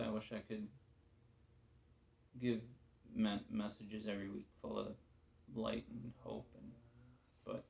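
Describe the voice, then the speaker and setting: A man's voice: on the low side, vocal fry. Weary, candid man giving a casual sermon. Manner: casual and candid, trailing off into quiet asides. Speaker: preacher. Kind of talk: informal devotional talk.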